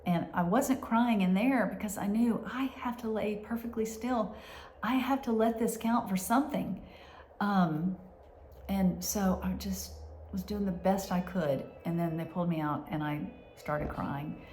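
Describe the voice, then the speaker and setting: A woman telling a personal story in a halting way, with many restarts and hushed asides. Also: mid-range voice, slight background noise. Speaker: vlogger.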